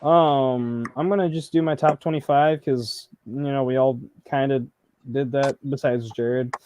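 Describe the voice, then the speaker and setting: A man's voice: medium pitch, fairly even intonation, measured pace, darkish tone, lo-fi sound, a little hiss or hum. A man joining a casual film chat with sarcastic remarks. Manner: sarcastic, dry.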